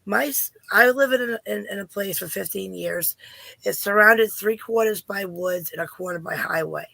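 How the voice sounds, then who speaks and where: Hoarse middle aged lady calling in, gravelly voice, asks lots of questions. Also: mid-range voice, normal speed, pushed and bright, dry recording. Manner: earnest, questioning. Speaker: caller. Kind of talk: casual storytelling.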